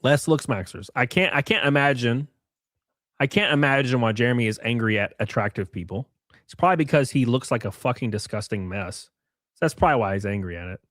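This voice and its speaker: A man's voice: mid-range voice, a little fast, a bit bright, dry recording, studio quality. A young man hosting a casual live stream, mocking and sarcastic, swearing freely and thanking viewers for gifted subs.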